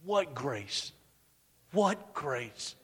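A male preacher delivers a dramatic sermon, his voice sitting high. He sinks to a hush for quoted words. A long reverb from a large hall trails every phrase. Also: big pitch swings, drawn-out words, husky.

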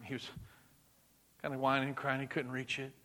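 A man preaching a sermon, swinging between loud emphatic bursts and hushed, near-whispered lines. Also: mid-range voice, completely flat delivery, normal speed.

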